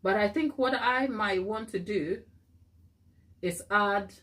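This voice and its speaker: A woman's voice: medium pitch, takes it slowly, a bit bright. Chatty woman hosting a baking live stream. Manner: chatty, reads viewer comments aloud and laughs often; thinks aloud while working. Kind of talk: casual live-stream chat.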